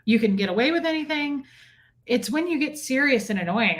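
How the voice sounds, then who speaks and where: A woman's voice: high voice, expressive, brisk. A middle-aged woman co-hosting a casual chat show, talking in a brash, bawdy, flirtatious way. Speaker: podcast co-host. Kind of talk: casual chat reading live comments.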